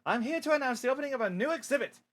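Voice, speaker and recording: A man voicing a fast-talking male TV news reporter in a storybook reading, with a brisk, chirpy announcer delivery. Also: extremely high pitch, animated, a bit bright, pitched above the performer's own voice.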